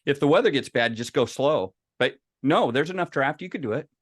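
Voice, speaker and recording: A man voicing his older brother as a calm, coaxing persuader in an anecdote. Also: mid-range voice, brisk, dry recording, studio quality, close to an everyday voice.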